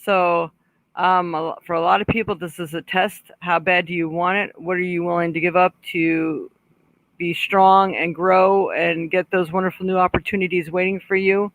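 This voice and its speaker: Woman psychic, live-stream host, conversational and warm-toned chatter, dry close-miked recording. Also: lowish voice, fairly even intonation, moderate pace, no echo, rough recording. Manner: chatty, reads out viewer comments, relays spirit messages; frequent throat clearing and small laughs. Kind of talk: casual live-stream chat and card reading.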